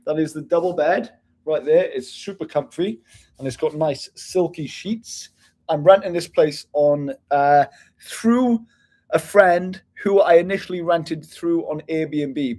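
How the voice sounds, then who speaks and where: Energetic guy in a roomy apartment. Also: fairly high pitch. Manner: energetic, chatty, swears freely. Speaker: travel vlogger. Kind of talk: casual chat to camera. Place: apartment room, indoors.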